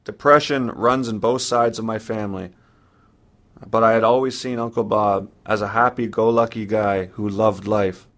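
A man narrating a personal story in the first person, in a somber, measured way. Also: on the low side, steady tone, a bit bright.

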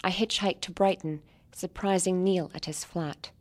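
A woman reading her own short story aloud in a measured way, sometimes dropping to near-whispers. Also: lowish voice, fairly even intonation. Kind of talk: literary reading.

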